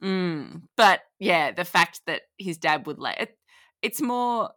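An Australian woman co-hosting a casual podcast, her voice very low yet bright and sharp. Her intonation leaps and dips animatedly as she laughs and trails off mid-thought, recorded dry and close. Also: sing-song, slow, dry recording. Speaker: podcast co-host. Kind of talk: casual chat.

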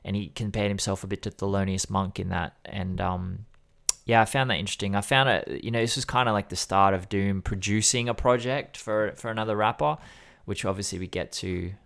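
A man talks through an album in a loose, rambling way, full of fillers and self-corrections. His voice sits low and steady in casual conversation. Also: a little fast, gravelly. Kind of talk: casual music discussion.

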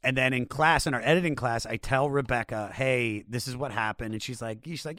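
A male podcast host telling a rambling story in casual, profane chat. His voice sits at an ordinary middle pitch. The sound is dry and close, with no room around it. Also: a little fast, few pauses, bright, forceful tone, dry recording.

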